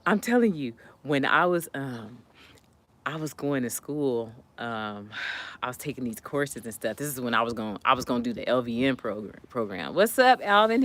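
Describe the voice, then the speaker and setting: A woman telling stories casually to her live chat, animated and laughing often. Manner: animated, laughs often, jumps high when retelling. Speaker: live streamer chatting with viewers.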